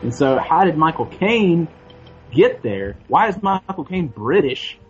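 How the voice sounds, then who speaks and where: A man's voice: fairly high pitch, a little slow, lo-fi sound, soft background music. A man arguing animatedly in a casual movie discussion. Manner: animated, argumentative.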